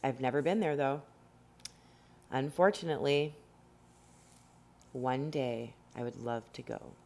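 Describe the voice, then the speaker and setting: A woman's voice: very deep voice, measured pace, gravelly, warm tone. A woman teaching a painting tutorial from home, chatty and rambling with many fillers. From Canada. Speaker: rock painting instructor. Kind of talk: casual tutorial narration. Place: home indoors.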